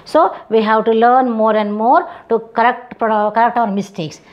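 A woman from India with an Indian English accent, teaching English phonetics and repeating each example word slowly several times. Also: fairly high pitch, steady tone, lo-fi sound. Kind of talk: phonetics lesson with slow repeated example words.

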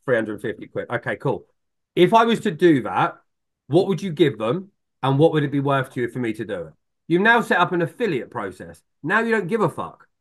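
A middle-aged man talks with real bounce, his fairly high voice swinging up and down as he acts out phone calls. His delivery is blunt and expressive, with casual swearing. He sounds like an energetic podcast guest. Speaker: sales expert guest. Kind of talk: animated podcast talk.

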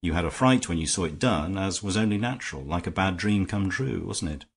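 A man reading an audiobook, voicing a mild, measured gentleman detective who reasons quietly. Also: sits low, animated, slightly rough, full character voice. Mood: calm, mild. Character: calm, shrewd gentleman detective.

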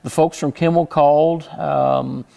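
A man's voice: on the high side, steady tone, measured pace, vocal fry, warm tone. A man from Houston with a slight Southern twang, a guest telling stories in a casual interview, chuckling between restarts. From Houston, Texas. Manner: chatty storyteller, frequent restarts, chuckling asides.

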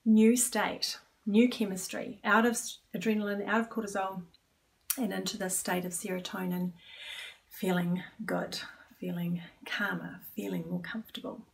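A woman stress coach who leads a guided exercise in a calm, inviting tone. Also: mid-range voice, normal speed, gravelly, recorded from a distance, a little hiss or hum.

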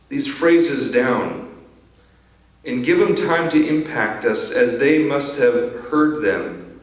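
Speaking slowly with animation in a mid-range voice, a man gives a sermon as pastor of a church. His delivery is earnest, with repeated words at the start of sentences, and the far-off mic picks up a very echoey hall.

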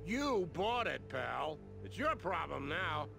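An actor playing a pushy male salesman in a video game cutscene, with a smooth, wheedling sales pitch. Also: big pitch swings, takes it slowly, heavily acted. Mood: pitch-selling. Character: pushy male salesman hawking a speeder and jetpack. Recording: game audio over loud music.

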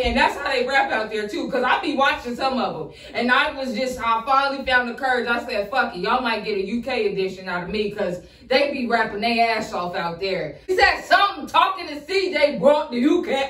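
A woman host reacting to freestyles, excited and profane and talking straight at her audience. Her voice sits a bit high. It echoes around the room from a mic set back from her. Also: recorded from a distance. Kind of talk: casual reaction commentary.

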